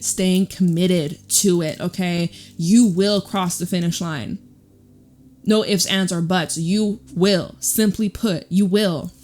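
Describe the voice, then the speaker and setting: A woman's voice: medium pitch, darkish tone. A woman giving a casual, chatty tarot reading. She speaks straight to the viewer, swears now and then and laughs easily. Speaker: tarot reader.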